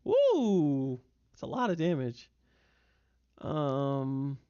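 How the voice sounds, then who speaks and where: A man's voice: on the high side, moderate pace, no echo. Young man narrating as game master. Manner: vivid, filler-heavy narration with bursts of excitement. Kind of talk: narrating a tabletop game online. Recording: dull, dry lo-fi mic.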